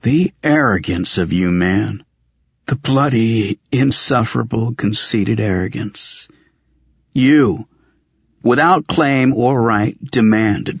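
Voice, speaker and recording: A man's voice: low voice, husky, no echo, highs cut off, full character voice. A man reading an audiobook, voicing an imperious old male wizard who scolds in indignant, haughty tirades.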